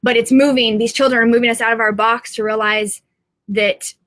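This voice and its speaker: A middle-aged woman talks straight to her viewers in a loose, rambling live stream from home. Her voice is bright and sharp, and it sits dry and close with almost no room sound. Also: fairly high pitch, fairly even intonation, a little fast, no room sound. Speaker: psychic medium.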